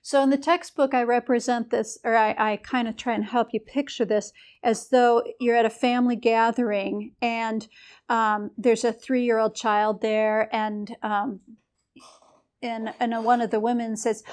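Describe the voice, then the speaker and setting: A woman's voice: fairly high pitch, little pitch movement, unhurried, a little mellow. A woman lecturing a chemistry class in a casual, explanatory way, with a few fillers as she goes.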